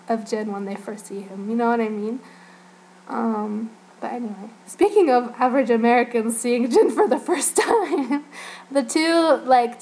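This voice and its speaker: A woman's voice: fairly high pitch, darkish tone, rough recording. A young woman from Northern Virginia chatting casually as a fan vlogger, rambling and giggling, with lots of "like" and "you know". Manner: rambling, giggly, heavy use of "like". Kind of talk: casual chat.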